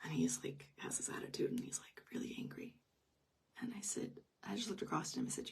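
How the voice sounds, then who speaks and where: A woman's voice: medium pitch, wildly swooping pitch, fairly quick, vocal fry, slightly rough, recorded from a distance. A middle-aged woman telling a personal story in an unscripted live stream, intimate and emotional, often dropping to a whisper. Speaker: grief teacher.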